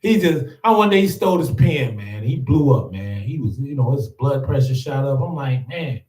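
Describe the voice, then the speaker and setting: Man, podcast host, casual storytelling, mellow voice, sits back from the mic. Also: medium pitch, expressive, moderate pace. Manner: laid-back, peppers talk with "man", laughs often. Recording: roomy echo, distant from mic.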